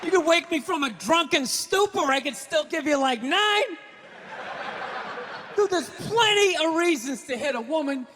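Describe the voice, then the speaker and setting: A man doing a stand-up comedy routine on stage, ranting profanely and breaking into shouts. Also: extremely high pitch, animated, a little slow, noisy background. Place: large venue on stage. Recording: hall reverb with faint ambience.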